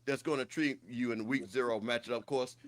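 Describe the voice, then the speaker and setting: A middle-aged man hosting a casual sports talk show, excitable and repeating "hey, listen" as he jumps in. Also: medium pitch, fast. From Jackson, Mississippi. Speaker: show host.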